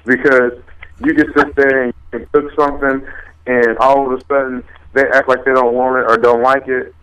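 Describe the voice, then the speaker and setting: A man's voice: mid-range voice, little pitch movement, moderate pace, a bit bright, poor audio. A man co-hosting a casual podcast chat, talking in a brash, profane, emphatic way. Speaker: podcast co-host.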